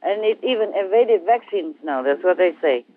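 A woman speaking as a spiritual teacher, talking gently and in a rambling way with hesitations. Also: lowish voice, animated, normal speed, dry recording. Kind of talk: casual talk over a phone line. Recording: tinny phone line, dry.

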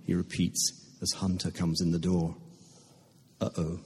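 A man reading a story aloud to a live audience, in a measured, understated way. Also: sits low, completely flat delivery, background noise. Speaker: reader at a literary reading. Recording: echoey hall with long reverb.

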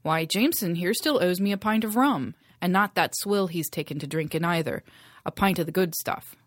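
A woman's voice: fairly low pitch, lively intonation, moderate pace, dry recording, clean studio sound, natural voice. A woman voicing a roguish Irish male sea captain who teases and taunts. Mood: teasing. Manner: teasing, taunting.

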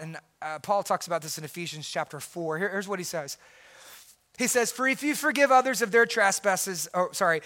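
A man delivers a sermon as pastor with a high, bright, forceful voice. He swings from loud, emphatic declarations to hushed, intense asides.

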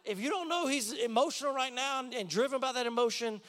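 A pastor preaching a sermon in a conversational way, reading scripture aloud and adding personal asides. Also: male voice, extremely high pitch, fast, fairly bright tone. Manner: reads scripture aloud between comments.

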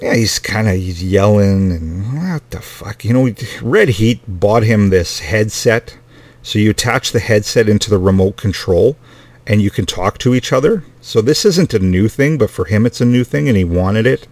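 A man's voice: fairly low pitch, moderate pace, darkish tone, no room sound. A middle-aged man telling a family story in a rambling, casual way, swearing often and sounding exasperated.

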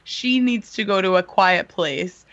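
Upbeat mom, muffled lo-fi sound. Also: female voice, medium pitch, unhurried, a bit bright. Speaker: podcast co-host, parent. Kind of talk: casual chat, storytelling. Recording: dull lo-fi sound.

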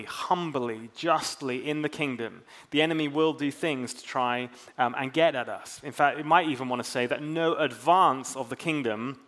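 A man's voice: mid-range voice, a bit bright. Male pastor, sermon, casual and conversational, self-mocking humor, mid-range voice.

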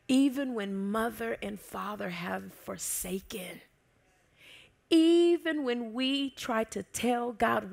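A woman pastor preaching a sermon, telling a story with lively expression and dropping to soft whispers at tender moments. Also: a little high, gravelly.

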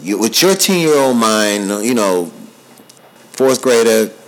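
A man's voice: mid-range voice, very animated, slow pace, rough recording. A man in his thirties hosting a podcast, telling a story in a casual, slangy way and repeating himself for emphasis. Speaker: podcast host. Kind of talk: casual chat.

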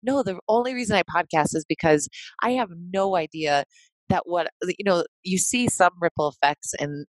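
Low-voiced woman podcast host, dry sound. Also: moderate pace, dry recording. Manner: candid, reflective, swears casually. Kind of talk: casual podcast conversation.

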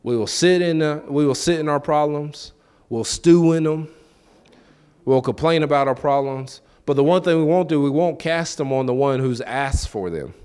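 A man's voice: on the high side, moderate pace, darkish tone, smooth. A man preaching a sermon in a loose, conversational way, asking the listeners questions and acting out quoted voices. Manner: conversational, repeats words and acts out quoted voices.

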